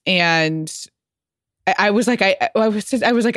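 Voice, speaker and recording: A woman hosting a casual interview, chatty and quick to laugh. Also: mid-range voice, fairly bright tone, no echo. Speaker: podcast host. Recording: dry close mic.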